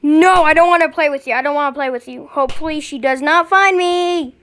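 A woman giving let's play commentary, excitable and quick to panic. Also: high-pitched. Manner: excitable, panicky, yelling in fright. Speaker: gameplay commentator.

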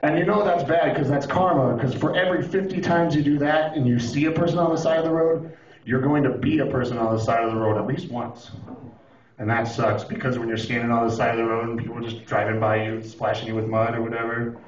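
A man doing a profane, animated stand-up routine on a club stage, now and then breaking into shouted impressions. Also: mid-range voice, fast talker. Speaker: stand-up comedian. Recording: roomy, distant, dull lo-fi club recording. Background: audience laughing.

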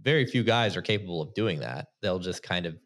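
A man hosts a casual podcast interview in a very low, deep voice. He talks in a laid-back way and keeps checking agreement with a quick "right?". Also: animated, fairly bright tone. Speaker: podcast host.

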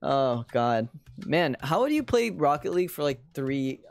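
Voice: medium pitch, big pitch swings, unhurried, creaky. A young adult streamer from the United States with an American accent, chatting casually and laughing while playing a game. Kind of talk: casual live-stream commentary.

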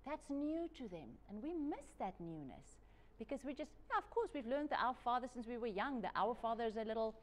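A woman giving a discipleship Bible lesson in an earnest, personal, conversational way, acting out quoted lines as she goes. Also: on the high side. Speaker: Bible teacher. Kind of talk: discipleship teaching.

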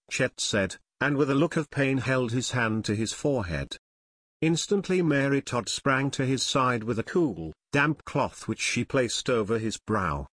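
A man narrating an unabridged audiobook in a steady storytelling manner. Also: mid-range voice, unhurried, no echo, studio quality. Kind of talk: scripted narration.

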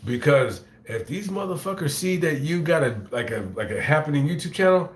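A man's voice: a little high, lively intonation, moderate pace, roomy sound. A man telling a story to camera as a YouTuber, swearing freely, rambling and stumbling over his words with repeated restarts. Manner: profane, rambling, stammering restarts. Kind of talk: casual storytelling to camera, reading chat.

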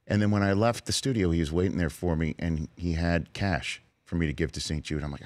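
A man in his late forties with a very low, deep voice, recounting a personal story on a sports talk show. He speaks earnestly and grows emotional at times. The studio sound is dry and close. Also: steady tone, a little fast, dry recording. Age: 40s. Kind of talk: casual chat. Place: radio studio.

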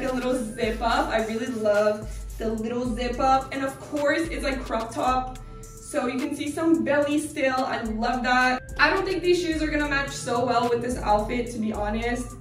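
Young woman, high bright voice, gushing fashion-vlog chatter, echoey room, set back from the mic, faint music under it. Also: recorded from a distance. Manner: bubbly, gushing, filler-heavy. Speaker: fashion vlogger. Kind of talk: casual try-on haul chat.

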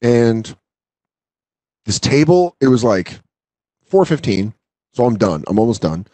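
A man in his thirties telling a profane, animated story in casual chat. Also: medium pitch, a little slow, no echo, poor audio. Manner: profane, animated, acts out customers' voices. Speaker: guest storyteller.

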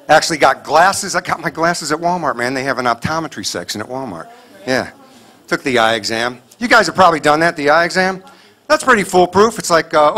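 A man performing a stand-up comedy set to a live audience, punchy and loud, acting out little bits of dialogue. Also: on the high side, expressive, a little fast. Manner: loud, punchy delivery with voiced bits and asides. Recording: live show with crowd noise. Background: audience laughter.

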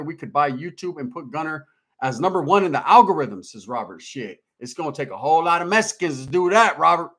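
It's a relaxed livestream, with a middle-aged host voicing viewers' messages in loose, streetwise slang. He has a rather high, fairly bright voice.

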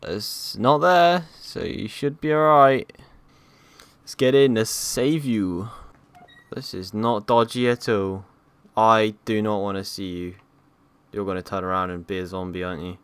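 A man's voice: on the low side, a little slow, clear, resonant tone, dry recording. A young man playing a horror game, narrating his gameplay, jumpy and swearing and yelping at scares. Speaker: gaming YouTuber.

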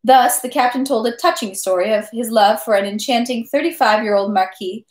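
A woman reading a classic novel aloud at a steady pace, with small slips and self-corrections. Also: fairly high pitch, fairly quick. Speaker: reader of a novel. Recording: echoey room.

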